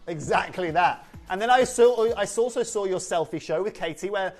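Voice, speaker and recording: A woman's voice: medium pitch, moderate pace, a little mellow, soft background music. A woman presenting jewellery on a live shopping channel, chatty and persuasive, speaking from a TV studio. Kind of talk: live TV sales pitch.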